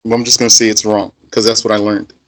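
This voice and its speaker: A man teaches a religious text line by line, reading Arabic passages aloud and then explaining them in conversational, emphatic English. His voice is lowish and level, he speaks fast, and the recording quality is low.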